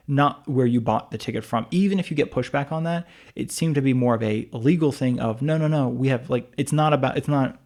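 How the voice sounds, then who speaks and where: Fast-talking man telling a rambling story. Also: mid-range voice, darkish tone. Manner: rambling storytelling with many restarts and asides. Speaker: podcast co-host. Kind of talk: casual chat.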